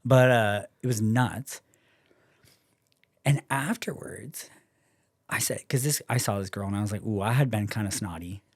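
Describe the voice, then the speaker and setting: Lively low-voiced man telling stories. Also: normal speed, long pauses, husky, no echo, studio quality. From Canada. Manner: animated storyteller, acts out quoted voices, swears. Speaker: podcast guest. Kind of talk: casual storytelling chat.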